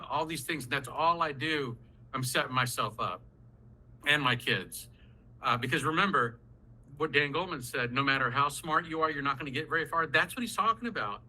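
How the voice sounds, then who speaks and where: A man runs a parenting workshop over a video call. His voice is bright and forceful, and he sits a little high in pitch. He talks in a lively, folksy way and acts out parents and children as he goes. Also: poor audio. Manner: animated, folksy, acts out quoted parents and kids. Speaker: psychologist leading a parent workshop.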